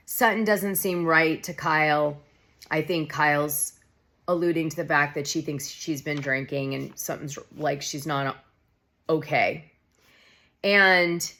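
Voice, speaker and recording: A woman's voice: sits low, fairly bright tone. A woman vlogger recapping a reality show in a casual, chatty, opinionated way, often saying "like". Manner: gossipy, opinionated, heavy use of "like".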